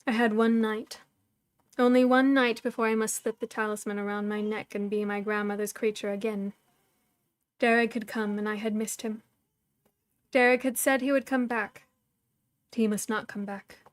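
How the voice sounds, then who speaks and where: Lady reading a novel out loud, kinda high voice, acts out the dialogue, dry close sound. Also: dry recording. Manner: expressive, acts out each character's lines. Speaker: storyteller.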